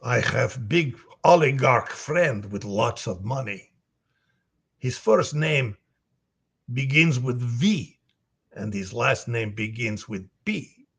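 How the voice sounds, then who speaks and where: A man voicing a huge boisterous Russian gunner who booms in broken English. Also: expressive, slow, creaky, a bit bright, slightly rough, exaggerated voice. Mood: boastful. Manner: booming, broken English, gloating.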